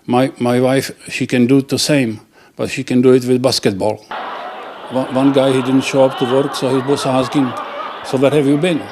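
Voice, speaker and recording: Man, joke teller, halting, restarts words, mid-pitched. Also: flat delivery, background noise. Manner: halting, restarts words, laughs at own punchlines. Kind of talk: telling dirty jokes.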